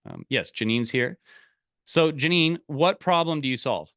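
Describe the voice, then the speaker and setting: A man coaching a live online group, energetic and full of restarts and repeated words. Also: on the high side, a little slow, no echo, clean studio sound. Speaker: business coach.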